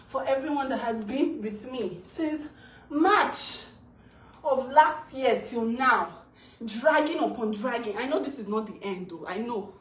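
A woman pours out an emotional, celebratory vlog from her house, chanting and laughing as she talks. Her voice sits a little high. She stands away from the microphone in an echoey room with a faint hiss behind her. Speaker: vlogger. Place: her home, indoors. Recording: roomy, distant from the mic.

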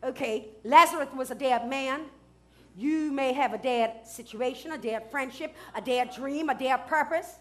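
A woman pastor preaching a sermon, dropping to hushed asides and rising to loud shouts, with features. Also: high-pitched, moderate pace. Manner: swings from hushed asides to loud shouted declarations, laughs often.

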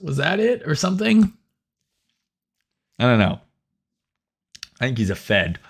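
Low-ish dude on a trading stream, chatty and sweary, always going "right?". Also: male voice. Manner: conversational, profane, reads chat aloud, frequent "right?". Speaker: livestream host, trading educator. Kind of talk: casual livestream talk.

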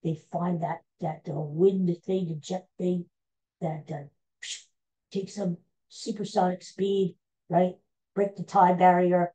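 A woman hosting a podcast, recapping old TV episodes in a casual, meandering, animated storytelling way. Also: on the low side, slow pace, rough recording. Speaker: podcast host.

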